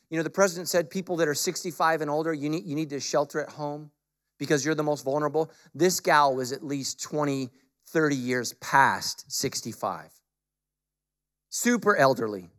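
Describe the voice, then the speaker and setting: A male pastor with a slightly high voice preaches a sermon that shifts from casual storytelling into forceful, emphatic exhortation.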